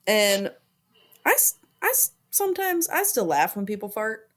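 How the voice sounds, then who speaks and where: A woman's voice: medium pitch, big pitch swings, measured pace, a bit bright. Chatty woman in her thirties. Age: 30s. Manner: chatty, laughs often. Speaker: podcast co-host. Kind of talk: casual chat.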